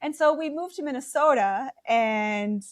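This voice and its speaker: A middle-aged woman from South Dakota with an Upper Midwest accent, telling stories chattily in a relaxed interview, acting out the voices she quotes. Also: high voice, a little slow. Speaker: guest. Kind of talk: casual conversational storytelling.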